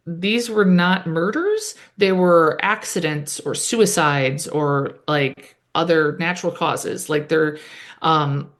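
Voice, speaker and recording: A woman co-hosting a podcast, recapping an episode in casual chat with lots of "like" and "um". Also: on the low side. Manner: chatty, many "like" and "um" fillers.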